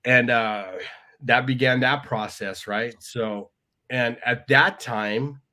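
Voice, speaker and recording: This podcast guest speaks slowly in a mid-range voice with fairly even intonation, and his tone is bright and forceful. Telling his life story in a storytelling interview, he keeps things conversational, quotes others, and tags many lines with "right?".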